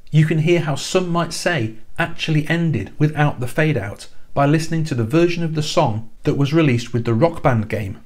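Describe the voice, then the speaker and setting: A man's voice: a little high, a little mellow. Chatty man, music vlogger. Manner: chatty, enthusiastic fan with dry asides. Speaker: music YouTuber and band musician. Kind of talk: casual countdown narration to camera.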